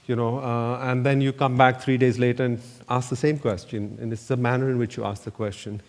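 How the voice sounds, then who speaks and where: A man's voice: mid-range voice, little pitch movement, fairly quick. A man, an architect giving a slide lecture, telling loose anecdotes full of "you know" fillers. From India. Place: lecture hall. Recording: echoey lecture hall reverb.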